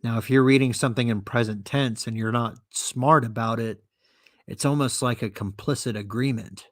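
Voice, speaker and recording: A man's voice: lowish voice, a little slow, no echo, clean studio sound. A man hosting a podcast and ranting alone, sarcastic, profane and indignant as he reads from and mocks an article. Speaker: podcast host. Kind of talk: solo commentary rant.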